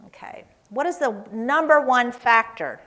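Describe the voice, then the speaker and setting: A woman's voice: a little high, measured pace, a bit bright. Woman from Tennessee, seminar speaker in a church hall; conversational, tells stories, keeps asking "right?". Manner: conversational, storytelling, often asks "right?".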